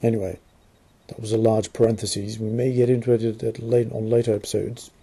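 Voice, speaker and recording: A man's voice: lowish voice, level tone, fairly quick, warm tone, breathy edge. A man with an Australian accent, a channel host making a casual, rambling aside and correcting himself.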